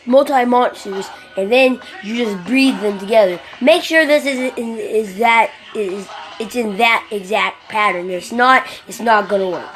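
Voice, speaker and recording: Lady rambling over a phone game, lots of cussing, slow drawl, loud game music in the back. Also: fairly high pitch. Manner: rambling, excitable, swears a lot. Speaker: mobile game vlogger. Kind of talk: casual gameplay commentary. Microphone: phone microphone during screen recording.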